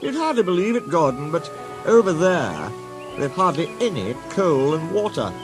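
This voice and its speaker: A man's voice: on the high side, very animated, normal speed, over music, voice pushed up. A man voicing a famous, worldly male express engine who talks in a friendly, knowing way.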